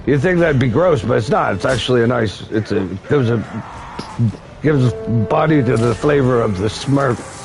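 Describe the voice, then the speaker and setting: A man's voice: mid-range voice, a little mellow. A man voicing a chirpy female TV cooking show host in a comic improvised bit, breezy and matter-of-fact. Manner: breezy, matter-of-fact about odd recipes.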